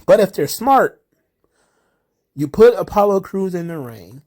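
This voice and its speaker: Quick impressions mocking the wrestlers punctuate this man's animated, casual solo commentary. His voice sits high.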